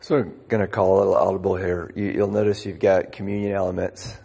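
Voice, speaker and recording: A man's voice: low-pitched, flat delivery, a little fast, gravelly, warm tone, slightly rough. A male pastor giving a casual, conversational sermon in a church sanctuary. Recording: long reverb of a large hall.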